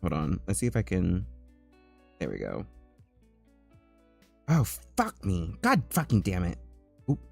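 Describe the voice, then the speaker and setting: A man chatting on a casual livestream while he draws, loud and jokey, full of "like" fillers. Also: sits low, huge pitch swings, unhurried, vocal fry, long pauses, breathy edge, soft background music. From United States. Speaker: livestreaming artist.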